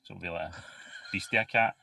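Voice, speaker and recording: A man co-hosting, telling a story in a deadpan way, recorded on a distant mic. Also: deep voice, brisk, vocal fry, husky, no room sound. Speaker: podcast co-host. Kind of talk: casual storytelling.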